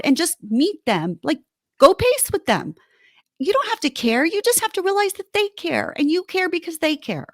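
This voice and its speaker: A woman's voice: extremely high pitch, normal speed, dry recording, clean studio sound. A woman co-hosting a podcast, chatting casually and animatedly about relationship advice. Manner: animated, acts out heated quotes. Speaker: podcast co-host.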